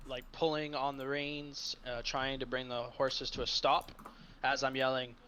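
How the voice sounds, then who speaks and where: Bright-voiced man playing a tabletop game. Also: medium pitch, flat delivery, a little slow, a little hiss or hum. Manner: describes his character's actions in first person. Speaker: player. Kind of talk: casual chat at a game table.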